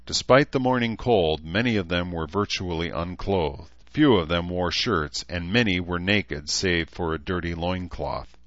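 Deep-voiced male audiobook narrator. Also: unhurried, hardly any pauses, fairly bright tone, dry recording, dull audio. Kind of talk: scripted narration.

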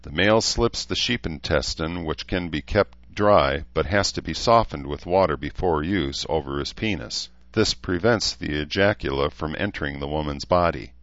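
A man with a deep voice playing a dry-humored, fatherly male camp leader in an audiobook, on a dry, slightly dull recording. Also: moderate pace, few pauses, a bit bright, dry recording. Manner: dry, joking.

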